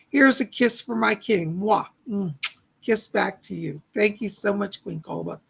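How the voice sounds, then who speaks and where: A male psychic medium on a live stream, hoarse from losing his voice, relaying spirit messages and thanking donors by name. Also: sits high, a little slow, fairly bright tone. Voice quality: gravelly, husky voice. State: losing his voice, clearing his throat.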